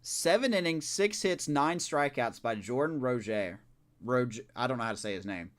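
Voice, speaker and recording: Smooth, medium-pitched, and moderately paced, a man's voice narrates his live baseball video game stream. He chats to himself animatedly and reacts casually, often with exasperation.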